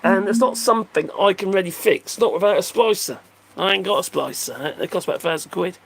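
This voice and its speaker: On a livestream recorded by phone, an older man with a high, gravelly voice talks fairly quickly. He reads the chat and answers viewer comments, joking and rambling in a casual way.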